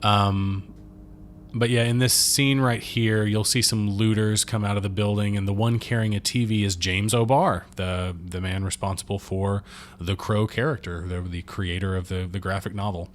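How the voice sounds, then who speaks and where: A man's voice: lowish voice, fairly even intonation, normal speed, a little hiss or hum. A man co-hosting a casual movie podcast, talking in a rambling, jokey way with lots of fillers. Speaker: podcast co-host.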